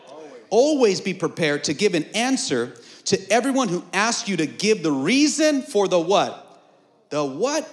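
A male pastor preaching a call-and-response sermon at an outdoor patio service, swinging between shouts and hushed lines. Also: high-pitched.

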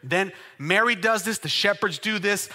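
A man pastor preaching a sermon, with call-and-response shouts that build to loud exclamations. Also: sits high, normal speed. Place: church sanctuary. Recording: long church-hall reverb.

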